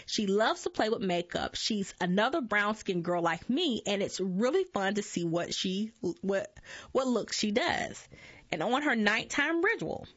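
A woman reads magazine articles aloud in a dry, close-sounding recording, her pitch moving up and down with a lively lilt. She takes her time and trips over words now and then, going back to correct herself. The sound is slightly dull and lo-fi. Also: no echo. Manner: unhurried reading with frequent stumbles and self-corrections.

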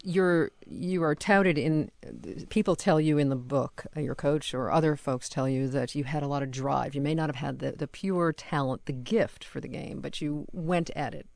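A man hosting a radio call-in program, asking a guest questions in a relaxed, probing way with plenty of fillers. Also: a little high, normal speed, gravelly, few pauses, dry recording. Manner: conversational, probing, hesitant fillers. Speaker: radio show host.

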